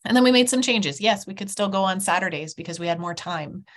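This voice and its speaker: Middle-aged woman, interview guest: chatty, animated storyteller who laughs between points. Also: mid-range voice, fast. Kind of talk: conversational interview.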